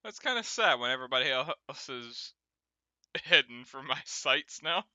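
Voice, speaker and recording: A man's voice: mid-range voice, expressive, moderate pace, pushed and bright, no echo. A man in casual game voice chat, playful and teasing, laughing often. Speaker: gamer, channel host. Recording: game gunfire behind. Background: online shooter game gunfire.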